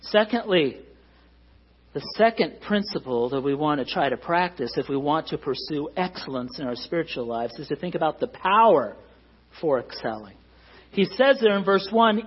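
Guy preaching, kinda husky, higher voice, earnest and pushing each point, muffled lo-fi recording. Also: expressive, normal speed. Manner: earnest, emphatic preaching with rising stresses. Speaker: pastor. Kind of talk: sermon.

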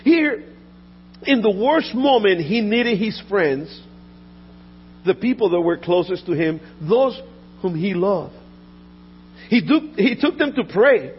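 A man preaching a sermon earnestly, often restarting and repeating words, and dropping soft and low in the painful parts. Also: animated, slow, pauses often. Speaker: pastor. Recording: dull lo-fi audio with faint mains hum.

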